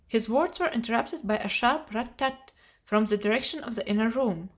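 A woman reading a classic detective story aloud as an audiobook narrator, steady and measured, in a dull lo-fi recording. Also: a little high. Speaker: audiobook reader.

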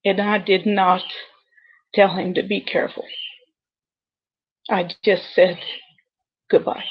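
A woman dispatcher telling a personal story over a video call, earnest and halting with many pauses. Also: medium pitch, flat delivery, muffled recording. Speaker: 911 dispatcher guest.

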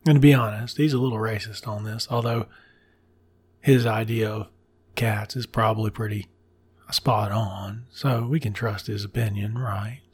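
Husky-voiced man cussing through a retelling. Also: fairly low pitch, fairly even intonation, normal speed. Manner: irreverent, swears freely, drops asides. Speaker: podcast host. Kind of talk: casual profane story retelling.

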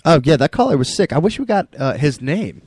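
A man's voice: a little high, very animated, brisk, a little mellow, breathy edge, no room sound, studio quality. A man co-hosting a talk show, enthusiastic and chatty. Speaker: co-host. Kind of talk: casual talk radio.

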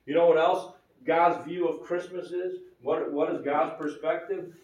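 Steady in tone and measured in pace, a pastor with a somewhat high, darkish voice preaches conversationally and asks his congregation questions. He is recorded from afar in a roomy church sanctuary.

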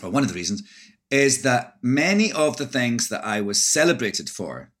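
Scottish man, thoughtful and halting. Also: mid-range voice, sing-song, fairly bright tone. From Scotland. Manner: thoughtful, many restarts and hesitations. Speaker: actor and author guest. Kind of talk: interview conversation.

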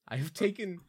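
A man's voice: high voice, darkish tone, husky. A young man, a podcast co-host, telling stories in casual chat while laughing and swearing a lot.

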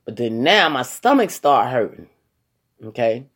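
A woman telling a personal story to her viewers in a casual, animated way, talking straight to them and acting out what people said. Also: rumbling low, a little slow. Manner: animated, acts out quoted voices; colloquial, addresses listeners as y'all.

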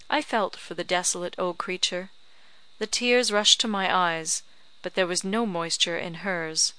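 A woman narrates a memoir in an even, storytelling voice. Her tone is bright and crisp, close-miked in a dry space. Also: on the low side, a little slow, dry recording, low-quality recording. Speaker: audiobook narrator. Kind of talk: reading a memoir aloud.

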